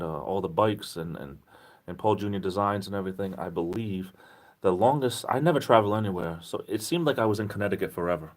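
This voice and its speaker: A man hosting a casual livestream reads viewer comments and chats in a rambling, self-deprecating, joking way. His voice is fairly low in pitch with a fairly bright tone.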